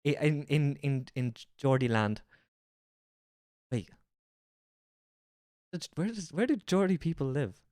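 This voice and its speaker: A woman's voice: low-pitched, big pitch swings, slow pace, pauses often, a little mellow, no room sound, clean studio sound. A woman streamer chatting casually and playfully repeating words in mock accents. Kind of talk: casual livestream chat, imitating accents.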